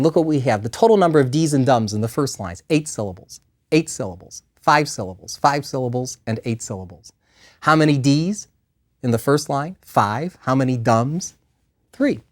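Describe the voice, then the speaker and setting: A middle-aged man teaches math in a recorded lecture, bubbling with playful enthusiasm. His voice leaps high and drops low, full of animated swings in pitch. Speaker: math professor. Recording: compressed 2000s DVD lecture audio.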